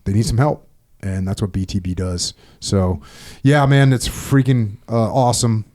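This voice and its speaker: Mellow-voiced middle-aged podcast host. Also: male voice, fairly low pitch, normal speed. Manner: blunt, energetic, laughs easily. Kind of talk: casual podcast conversation.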